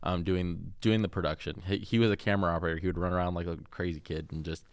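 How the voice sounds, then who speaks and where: A man's voice: sits low, flat delivery, fast, clear, resonant tone, dry recording. A man co-hosting a podcast in casual chat, rambling and laughing often as he tells stories. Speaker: podcast co-host.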